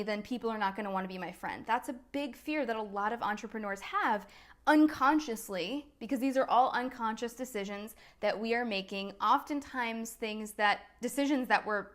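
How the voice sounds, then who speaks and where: A woman's voice: medium pitch, a bit bright. A woman, a coach talking casually on a live video, chatty and laughing at herself. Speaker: business strategy and NLP coach, host.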